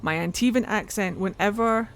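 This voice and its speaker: A man's voice: sits high, moderate pace, a bit bright, slight background noise. A man with a Scottish accent giving casual, rambling let's-play commentary, mocking himself and thinking aloud. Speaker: streamer playing a game.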